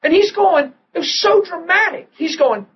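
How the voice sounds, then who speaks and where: A man preaching a sermon, telling a personal story with animated delivery and hushed, tender moments. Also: very high-pitched, moderate pace, highs cut off, a little hiss or hum. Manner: animated storyteller who acts out quotes and drops to a hush in tender moments.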